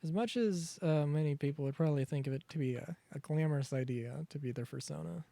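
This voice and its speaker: Rambling young streamer with a gravelly voice. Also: male voice, fairly high pitch, fast, dark tone, no echo. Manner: rambling, self-interrupting, chatty asides. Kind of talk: casual gaming commentary.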